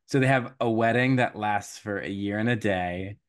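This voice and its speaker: A young man hosting a podcast, casually retelling a folktale with lively quoted voices, laughs and fillers. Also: on the low side. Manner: animated storytelling, quick quoted voices, frequent laughs and fillers. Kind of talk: casual chat.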